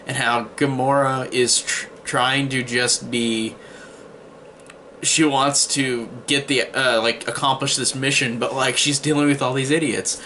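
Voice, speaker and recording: A man's voice: medium pitch, level tone, unhurried, bright, forceful tone, a little hiss or hum. A man giving a casual spoken movie review, rambling with frequent restarts and fillers.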